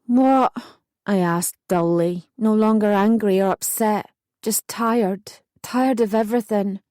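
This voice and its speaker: A woman's voice: mid-range voice, steady tone, unhurried, a little mellow, dry recording, studio quality. A young woman narrating a true first-person memoir as an audiobook, intense and emotional in her retelling.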